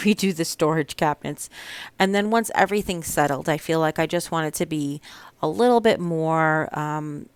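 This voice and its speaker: Low, smooth-voiced woman with a Long Island accent; chatty DIY vlogger, casual and rambling. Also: no room sound. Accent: Long Island New York. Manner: chatty, with frequent ums and restarts. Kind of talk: casual crafting vlog. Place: home kitchen.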